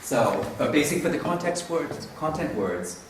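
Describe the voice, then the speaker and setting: A man's voice: on the high side, very animated, moderate pace. Man giving a rambling classroom talk. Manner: rambling, self-correcting, chuckling. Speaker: presenter at a teaching conference. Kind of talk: casual conference talk. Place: conference room. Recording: roomy, distant mic with faint hiss.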